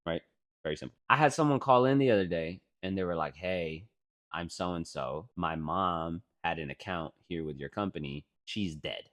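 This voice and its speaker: A young man co-hosting a casual podcast, telling stories with a lot of swearing and rising to loud, laughing outbursts. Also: deep voice. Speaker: podcast co-host. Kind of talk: casual storytelling chat.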